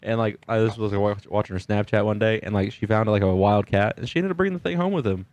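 A man's voice: fairly low pitch, fast talker, darkish tone, dry recording. A man co-hosting a podcast, laid-back and joking in casual chat. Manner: laid-back, swears casually, tells jokes. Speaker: podcast co-host. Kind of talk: casual chat, joke telling.

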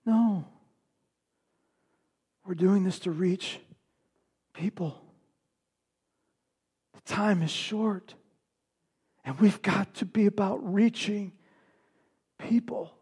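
A man pastor preaching a sermon to his congregation, impassioned, swinging from loud declarations to hushed lines. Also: high-pitched, slow pace, pauses often, husky.

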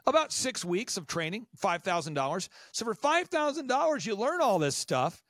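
A man in his forties with an American accent, giving animated business advice as a podcast guest and acting out the people he quotes. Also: very high-pitched, normal speed, hardly any pauses, dry recording, clean studio sound. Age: 40s. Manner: animated, acts out quoted voices. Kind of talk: enthusiastic business advice talk.

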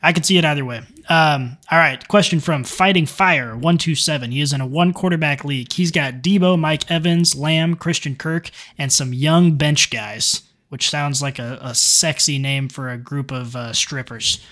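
Bright, joking young male co-host. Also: on the high side, moderate pace, hardly any pauses. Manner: joking, reads listener questions. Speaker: podcast co-host. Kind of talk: casual chat.

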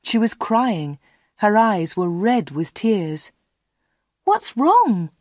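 A woman narrating a storybook slowly and clearly for learners. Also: medium pitch, darkish tone, no room sound, clean studio sound. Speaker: audiobook reader.

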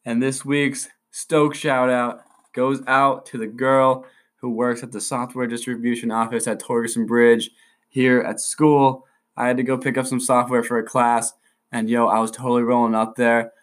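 A man's voice: medium pitch, flat delivery, moderate pace. A young man hosting a casual solo podcast, rambling in hyped surfer slang. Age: young adult. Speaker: podcast host.

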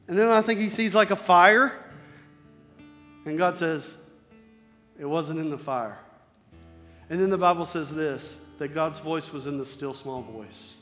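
Man, high voice, conversational sermon, loud-to-soft dynamics, faint background music. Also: in a large hall. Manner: conversational preaching, swings between loud emphasis and soft near-whispers. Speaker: pastor.

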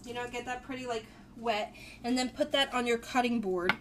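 A woman's voice: on the high side, normal speed. A young woman co-hosting a cooking podcast, chatting casually and dramatically in her home kitchen. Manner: chatty, dramatic, prone to playful complaining. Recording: noisy home kitchen recording.

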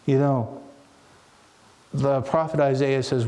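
A man delivers a sermon in an earnest, reflective manner, pausing and restarting phrases as he works through his point. His voice is mellow and warm, pitched a little high for a man. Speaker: preacher.

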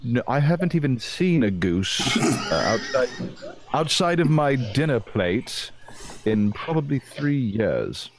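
A man playing a character in a tabletop game, answering in slow, formal, courtly phrases. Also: mid-range voice, big pitch swings, background noise. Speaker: player.

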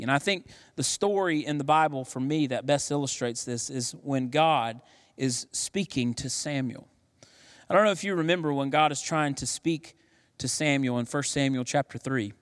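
A man in his thirties preaching a sermon as pastor, telling stories with animated acted voices. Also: on the high side. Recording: long hall reverb.

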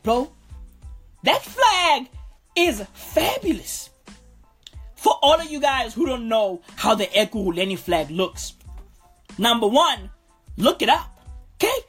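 A woman delivers a profane, animated comedy rant. Her voice sits high and swings widely, her pace is slow, and her tone is husky. Faint music runs behind her. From South Africa. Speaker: comedic vlogger.

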